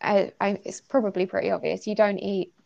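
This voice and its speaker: Giggly woman with a gravelly voice. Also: mid-range voice, steady tone, a little fast, mellow. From United Kingdom. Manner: giggly, chatty, with many fillers. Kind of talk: casual chat reviewing a story. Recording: slightly muffled lo-fi recording.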